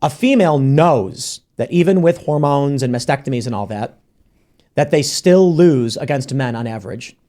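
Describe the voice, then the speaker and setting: A man's voice: medium pitch, lively intonation, normal speed, dark tone. A man hosting a podcast, talking bluntly and casually, swearing and acting out quoted voices as he argues. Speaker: podcast host. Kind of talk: casual talk-show conversation.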